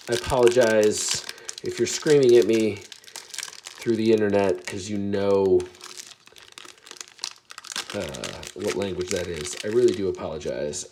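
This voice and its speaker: A man casually chatting to his viewers while opening trading card packs, chatty and self-deprecating, with bursts of excitement. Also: fairly low pitch, a little hiss or hum. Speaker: card pack opening vlogger. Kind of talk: casual pack-opening commentary.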